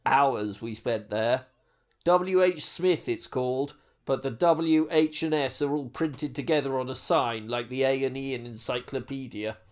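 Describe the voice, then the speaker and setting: A man's voice: medium pitch, a little slow, voice pushed down, close to an everyday voice. A man doing a pompous clueless toff. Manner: pompous, deadpan, mock-scholarly. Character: pompous upper-class man, clueless tourist. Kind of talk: comedy sketch.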